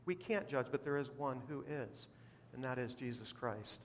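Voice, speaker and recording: A man's voice: medium pitch, lively intonation, moderate pace. A man preaching a sermon as a pastor, with rising bursts of emphasis. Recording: long hall reverb.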